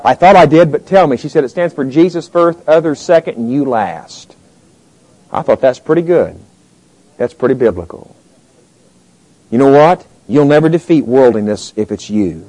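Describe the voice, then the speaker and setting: A male pastor preaching a sermon, emphatic, moving between quiet stretches and loud rising points. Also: medium pitch, animated, normal speed, poor audio.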